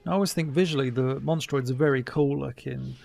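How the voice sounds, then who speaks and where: A man's voice: mid-range voice, fast talker, gravelly, a little mellow, soft background music. A middle-aged man giving a casual, chatty commentary over an old cartoon, wry and mock-dismissive. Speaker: commentary host.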